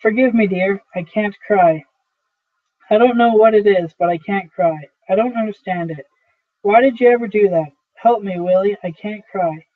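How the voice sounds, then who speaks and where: Guy doing a widow who can't cry, pleading, sobbing, high-ish voice, tinny phone-like audio. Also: moderate pace, distant mic, natural voice. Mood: grieving. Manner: pleading, breaking into sobs. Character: grieving widow, wife of a dead salesman.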